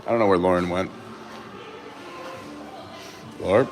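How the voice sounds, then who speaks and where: A man's voice: low-pitched, fairly even intonation, measured pace, faint music behind. Chatty man hosting a live stream. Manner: chatty, upbeat, greets viewers. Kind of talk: casual live stream chat. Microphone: gimbal camera.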